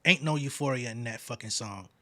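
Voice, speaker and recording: A man's voice: mid-range voice, brisk, sharp tone. A man giving blunt, profane, dismissive reaction commentary. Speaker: reaction streamer.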